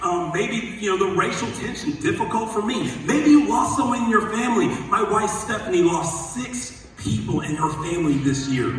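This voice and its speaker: A male pastor telling a story in a sermon, then building to loud, emphatic preaching. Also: high-pitched, normal speed, a little hiss or hum. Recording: echoey hall, voice from a distance.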